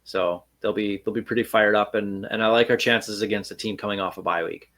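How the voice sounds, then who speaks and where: A man's voice: on the low side, fairly even intonation, fairly quick, fairly bright tone. A man hosting a sports podcast, chatting casually and thinking aloud with fillers. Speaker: podcast host.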